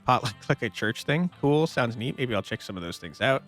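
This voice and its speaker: A man's voice: mid-range voice, lively intonation, brisk, fairly bright tone, faint music behind. A man casually commenting while playing a story game, laughing often. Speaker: gamer, streamer. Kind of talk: let's-play commentary.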